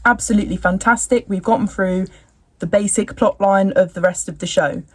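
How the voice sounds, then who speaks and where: A woman's voice: medium pitch, brisk, slightly rough, no echo. A young woman in casual chat recapping a TV episode at home, rambling with slangy, jokey asides. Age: young adult.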